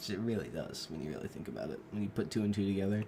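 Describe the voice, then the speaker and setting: A man's voice: low voice, animated, racing, vocal fry, noisy background. A sick young man with a cough, giving rambling, joking gameplay commentary into a desk microphone and drifting off mid-thought. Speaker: gaming video creator.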